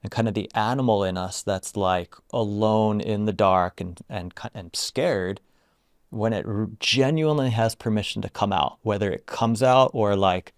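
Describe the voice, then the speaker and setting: A man telling a story in an interview about guiding people through retreats, speaking softly and haltingly with many "like"s. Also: fairly low pitch, no echo, clean studio sound. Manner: soft-spoken, halting, full of "like". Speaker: retreat founder and guest.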